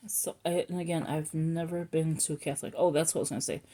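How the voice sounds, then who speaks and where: A woman's voice: low-pitched, fairly even intonation, fast talker, warm tone. A middle-aged woman chatting at home in a loose, rambling way, often losing her thread and circling back. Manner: rambling, self-interrupting, chatty. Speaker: planner vlogger. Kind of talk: casual rambling chat.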